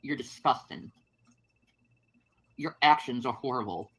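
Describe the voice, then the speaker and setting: Woman livestreamer, deep-pitched, bitter and accusatory rant. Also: measured pace, breathy edge.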